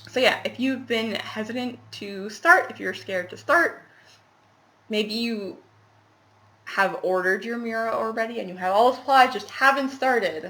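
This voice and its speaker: A woman's voice: a little high, a little slow, pushed and bright. A young woman chatting casually to camera about her cross-stitch, rambling with laughing asides, recorded at home in a small apartment.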